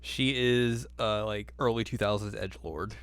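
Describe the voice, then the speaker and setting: A man's voice: on the low side, fairly even intonation, moderate pace, fairly bright tone, clear, resonant tone, no room sound. A man co-hosting a casual recap chat, joking around and putting on silly voices as he retells scenes. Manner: playful, puts on silly voices while recapping. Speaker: podcast co-host.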